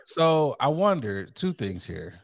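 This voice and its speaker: A man's voice: fairly high pitch, very animated, slow, gravelly, no echo, clean studio sound. A young adult man hosting a casual chat, playful, laughing easily and acting out quoted lines.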